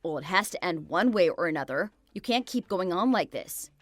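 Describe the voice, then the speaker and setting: A woman's voice: on the low side, lively intonation, normal speed, no echo, pitched below the performer's own voice. A woman's text-to-speech voice playing a blunt, pushy friend who urges her to leave. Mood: blunt, urging. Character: blunt, protective female friend.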